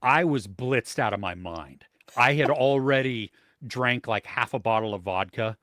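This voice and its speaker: A man chatting casually on a film podcast, his speech meandering and full of fillers. He sits at a middle pitch, and the room sounds dry and close to the mic. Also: animated, a little slow, a bit bright, no room sound. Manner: rambling, many fillers and restarts. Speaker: podcast host. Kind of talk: casual chat about movies and shows.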